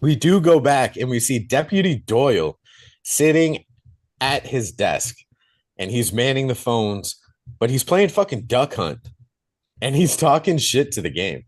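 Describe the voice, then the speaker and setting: A man co-hosting a podcast, casually retelling a movie plot in animated detail and swearing freely. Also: medium pitch, a little slow. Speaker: podcast co-host reviewing a film.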